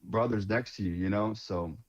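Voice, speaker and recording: A lowish-voiced man talking at normal speed is the guest here, a veterans nonprofit leader sharing stories in casual, earnest conversation. He keeps restarting words and calls people "man," and the audio sounds dull.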